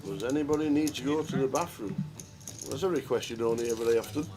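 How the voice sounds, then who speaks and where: A man's voice: medium pitch, fast talker, background noise. A man doing live poker commentary, chatty and jokey, with rambling asides. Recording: crowd chatter of a live card room.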